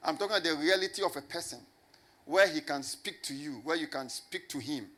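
A man preaching a sermon to a congregation, emphatic and repetitive, often asking rhetorical questions and slowing down to stress key words. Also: a little high, fairly bright tone. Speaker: pastor.

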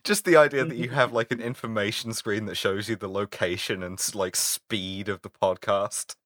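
A man's voice: fairly low pitch, moderate pace, no echo, clean studio sound. A man co-hosting a casual podcast, rambling and riffing, swearing freely. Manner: rambling, lively, swears, laughs a lot. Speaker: podcast co-host.

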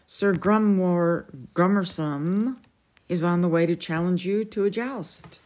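Unhurried old wizard, voiced by a woman reader; measured and sure. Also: on the low side, a little mellow. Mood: calm. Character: old male wizard, calm and knowing.

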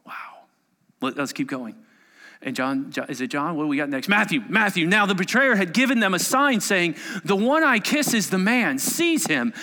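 A man preaching a sermon and reading scripture aloud, swinging between hushed asides and loud exclamations. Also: high-pitched, lively intonation, moderate pace. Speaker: pastor. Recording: long hall reverb.

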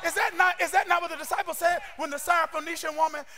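A man preaching a sermon with fervor, often shouting and throwing rhetorical questions at his listeners. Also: very high-pitched, fairly even intonation, quick pace. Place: church service streamed online.

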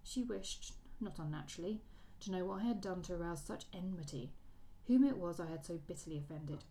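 A woman reading as a cold, cutting Regency gentleman. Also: fairly low pitch, lively intonation, a little fast, low-quality recording.

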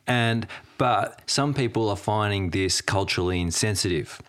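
An Australian man hosting a podcast, talking with energy and swearing freely. His voice sits a little low, and his stories come out in an easy, conversational flow. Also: moderate pace. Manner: animated, swears a lot, tells stories. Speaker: podcast host. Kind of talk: casual chat.

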